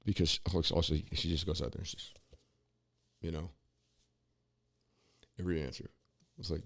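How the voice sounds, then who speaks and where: A man's voice: low-pitched, steady tone, moderate pace, long pauses, no echo, clean studio sound. A man co-hosting a podcast, talking in a rambling, opinionated way with many restarts and asides. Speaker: podcast co-host. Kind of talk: casual political commentary.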